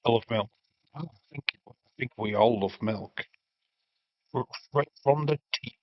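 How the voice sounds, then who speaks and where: A man's voice: medium pitch, unhurried, dry recording, highs cut off. An English man hosting a casual movie watch-along stream, chatting with viewers and swearing freely. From England. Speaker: livestream host.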